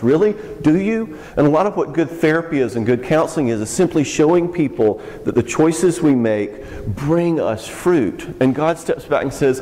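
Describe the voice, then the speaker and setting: A man teaching youth workers in a casual, frank talk, joking and throwing in quick asides. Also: mid-range voice, lively intonation, a little mellow. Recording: long hall reverb.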